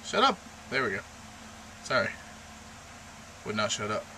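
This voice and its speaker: A man's voice: fairly even intonation, measured pace, loud music behind the voice. A young man rambling and joking in a casual vlog from his room at the computer, with random asides. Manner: random, jokey, rambling with sudden pitch jumps. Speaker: vlogger. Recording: noisy home recording.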